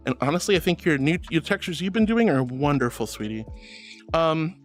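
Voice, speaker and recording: Bubbly high-voiced man doting on his chat. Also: sing-song, a little fast. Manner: affectionate, calls viewers sweetie and honey. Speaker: VTuber streamer. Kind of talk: casual live-stream chat, reading chat aloud. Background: faint background music.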